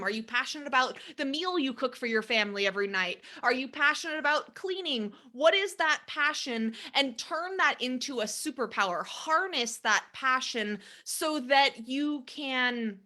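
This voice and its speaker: A young woman co-hosts a casual podcast, her voice bright and a little high. She explains her ideas earnestly and upbeat, leaning on everyday examples. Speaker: podcast co-host.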